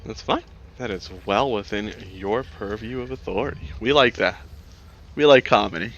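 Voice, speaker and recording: A man's voice: fairly low pitch, normal speed, fairly bright tone, lo-fi sound, a little hiss or hum. A man running a tabletop game as dungeon master, chatting casually with his players, joking, laughing often and swearing freely.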